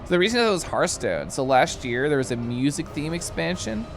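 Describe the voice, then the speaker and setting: A man's voice: a little high, big pitch swings, brisk, creaky, music in the background. A man streaming live, chatting casually and playfully with his chat, often laughing and making silly noises.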